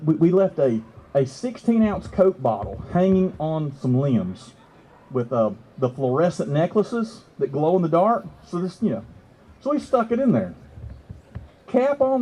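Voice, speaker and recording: A man telling an animated story to an outdoor festival crowd, excitable and laughing. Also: lo-fi sound. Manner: excitable, laughing, leaps to high exclamations. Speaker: festival speaker. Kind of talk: animated storytelling to a live audience.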